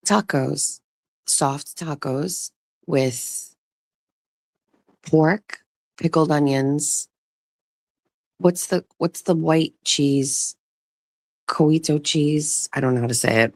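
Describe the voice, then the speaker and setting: A woman's voice: sits low, creaky, dry recording, clean studio sound. A woman hosting a show, telling a rambling vacation story in casual chat, swearing now and then and restarting her sentences. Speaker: show host. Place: vacation rental, talking outdoors.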